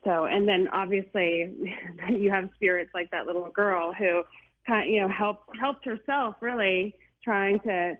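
Earnest woman on a tinny line. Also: lowish voice. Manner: earnest, laughs often, restarts. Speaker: paranormal guest. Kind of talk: call-in radio chat. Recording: phone-like narrow band.

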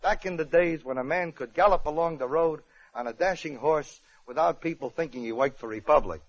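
High-voiced wisecracking comedian on old radio. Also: male voice, fairly quick, highs cut off, a little hiss or hum. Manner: wisecracking, chatty asides. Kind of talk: comic storytelling on radio.

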